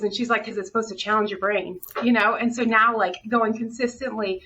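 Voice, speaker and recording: A woman's voice: on the high side, steady tone, fairly quick, few pauses, bright, forceful tone. A middle-aged woman, a hospital director, talking candidly and earnestly in an interview, sometimes near tears. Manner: earnest, openly emotional storytelling. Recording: dull, distant audio with faint noise.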